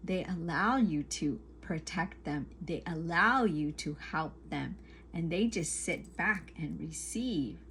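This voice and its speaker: A woman's voice: fairly low pitch, expressive, slow pace, a bit bright, a little hiss or hum. A woman talking to camera as a spiritual coach, giving earnest advice in emphatic, repetitive lists.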